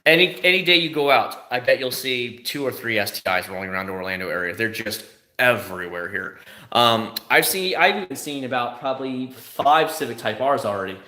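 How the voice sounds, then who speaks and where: A man's voice: medium pitch, animated, fairly quick, bright, forceful tone. Man, middle-aged, from South Florida, live chat host, blunt, profane, mid-range voice, echoey room. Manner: blunt, profane, mocking impressions of others. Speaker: livestream host answering chat. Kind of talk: casual ranting chat. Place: home room, in Kissimmee.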